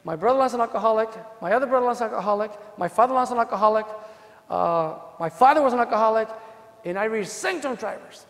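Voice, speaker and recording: A woman's voice: on the high side, expressive, fast. Man quoting an earnest woman juror. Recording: long echo of a large hall.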